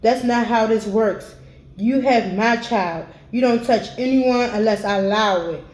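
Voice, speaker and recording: A possessive, violent man full of jealousy, as a woman reader voices him in a mellow, low-key tone. The lines come through in a roomy echo. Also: unhurried, close to an everyday voice. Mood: furious.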